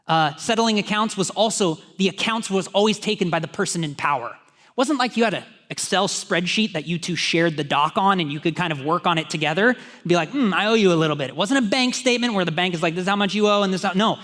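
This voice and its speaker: A man's voice: high voice, expressive, brisk, a bit bright. A man preaching a sermon in a church, talking conversationally with joking asides to the congregation. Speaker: pastor.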